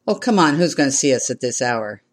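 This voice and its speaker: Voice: medium pitch, lively intonation, brisk, natural voice. A minister voicing a young man on a first date who begs for a goodnight kiss. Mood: wheedling. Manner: wheedling, pleading.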